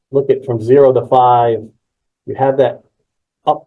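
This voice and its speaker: Through narrow, tinny audio, a man with a medium-pitched voice speaks briskly while presenting a live webinar on presentation skills. He's energetic and emphatic, hammering key words and reacting to chat messages.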